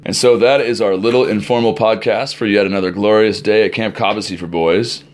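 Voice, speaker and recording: A middle-aged man, a camp director, telling stories for an informal podcast in an animated way. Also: fairly low pitch, a little fast, slight background noise. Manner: animated storyteller, acting out crowd shouts.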